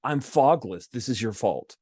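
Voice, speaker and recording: A man's voice: medium pitch, animated, measured pace, darkish tone, dry recording, clean studio sound. A man doing a whiny, blaming droid. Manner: petulant, blaming. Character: whiny complaining droid sidekick.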